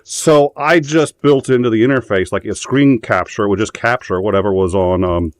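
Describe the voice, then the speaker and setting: Low-voiced rambling male show host. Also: moderate pace. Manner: rambling, profane storytelling with frequent fillers. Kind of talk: casual live-show chat.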